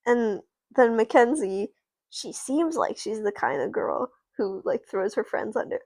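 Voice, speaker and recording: Woman streamer, rambling doll-play narrator; slow, gravelly, self-interrupting. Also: fairly high pitch, sing-song, a little mellow, dry recording. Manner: meandering, self-interrupting, laughing. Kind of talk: rambling improvised doll play story on a livestream.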